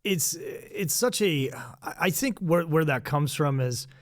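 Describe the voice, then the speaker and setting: A podcast host reflecting in casual conversation, often adding "you know what I mean". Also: male voice, on the high side, lively intonation, takes it slowly, no echo, studio quality. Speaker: podcast host, former Marine.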